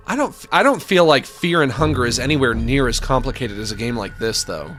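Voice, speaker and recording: A man streaming a video game, thinking aloud in an animated, self-mocking way with sudden exclamations. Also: mid-range voice, a little fast, few pauses, faint music behind. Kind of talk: let's-play commentary.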